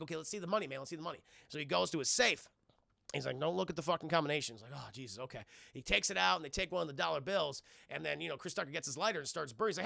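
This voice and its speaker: Guy streamer recapping a movie, swears a lot, acts out the lines, really gravelly high voice. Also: sharp tone, dry recording, clean studio sound. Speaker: streamer reviewing a film. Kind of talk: casual live-stream film recap.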